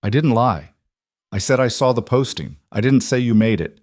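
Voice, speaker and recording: A man voices a bold, desperate young woman, pitching above his own voice yet staying close to an everyday sound. His medium-pitched delivery is lively at a normal speed, pleading yet firm, with sharp, defiant retorts. It's studio quality with no room sound.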